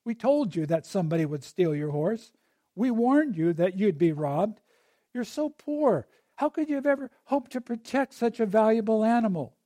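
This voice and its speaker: A man's voice: high-pitched, expressive, moderate pace, warm tone, no room sound. Figure: a man voicing scornful villagers. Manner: lecturing. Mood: scoffing. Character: scoffing village crowd of men and women.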